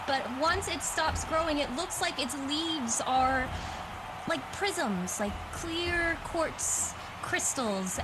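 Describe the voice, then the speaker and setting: A woman playing a tabletop game, describing her character's magic in a descriptive, playful way. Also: sits high. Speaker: player. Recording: clear background noise.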